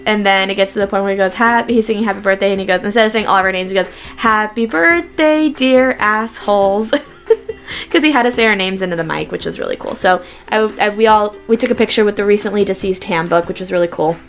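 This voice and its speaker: A young woman vlogger chatting casually to camera, telling stories and quoting people in lively voices. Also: mid-range voice, rapid-fire, few pauses, faint music behind.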